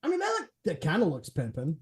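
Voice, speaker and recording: A man's voice: on the high side, wildly swooping pitch, quick pace. Rambling, swearing male streamer. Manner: swears freely, rambling, laughs often. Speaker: streamer host. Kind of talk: casual live-stream chat.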